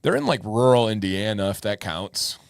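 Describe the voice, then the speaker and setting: A young man co-hosting a live-stream chat show has a fairly low, creaky voice with big pitch swings and a moderate pace, over slight background noise. This podcast co-host jokes at his own expense and reads out viewer comments from the chat.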